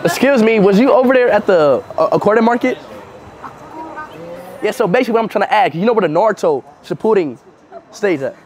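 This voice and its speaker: A young American man with a sore throat, vlogging casually on city streets and talking in loud, excitable bursts. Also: high voice, brisk, pauses often. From United States. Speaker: livestreamer vlogger. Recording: noisy street background.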